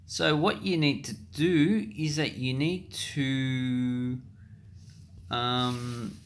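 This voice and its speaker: A man's voice: mid-range voice, fairly bright tone. An Australian man giving rambling, chatty commentary over a screen recording, with frequent ums and self-corrections. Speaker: coin collecting YouTuber.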